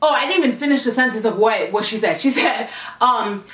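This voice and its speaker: A young woman from the Toronto area, telling a slangy, animated storytime vlog. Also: fairly high pitch, fairly quick, distant mic. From Toronto area, Canada. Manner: chatty, slangy, animated retelling. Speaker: vlogger. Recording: echoey room, mic set back.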